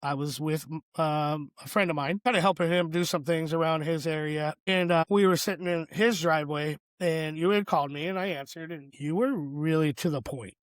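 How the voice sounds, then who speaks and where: A man's voice: fairly high pitch, moderate pace, hardly any pauses, dry recording, clean studio sound. A man co-hosting a podcast, telling a personal story in an earnest, reflective way with plenty of fillers. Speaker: podcast co-host.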